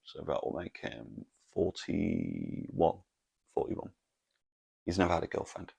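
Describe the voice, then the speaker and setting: A man's voice: deep voice, lively intonation, takes it slowly, vocal fry, a little mellow, husky. A man, telling a rambling, sweary story on his podcast. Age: 40s. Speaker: podcast host. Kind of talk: casual storytelling monologue.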